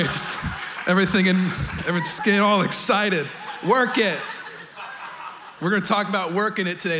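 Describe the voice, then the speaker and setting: A male pastor preaching a sermon in a church, energetic and playful, joking with the congregation and sometimes shouting. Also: sits high, background noise. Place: church sanctuary.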